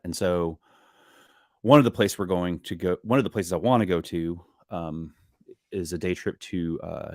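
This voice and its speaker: A man's voice: low-pitched, dry recording, clean studio sound. A man, a musician guest, chatting casually and rambling with many ums and restarts. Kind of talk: casual live-stream chat.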